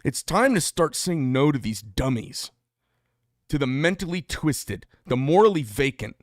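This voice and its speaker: A man's voice: mid-range voice, big pitch swings, a little slow, no room sound. Guy ranting on his channel, blunt and swearing a lot, heated, dry close sound. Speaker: channel host. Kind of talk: political rant to camera.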